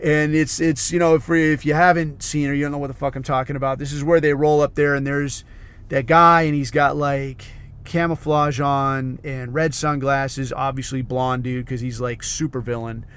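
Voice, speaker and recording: A man hosts his own podcast, delivering a long, rambling monologue loaded with swearing and fillers. His mid-range voice is flat and a bit bright, at normal speed with a clean tone.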